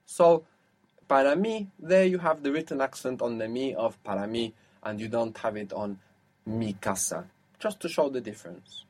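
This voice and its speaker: A man explains grammar in a steady mid-range voice during a one-to-one lesson. He is patient and methodical, and he slows down to spell out and model words for his student. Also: mid-range voice. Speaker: language teacher. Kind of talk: one-to-one spoken language lesson.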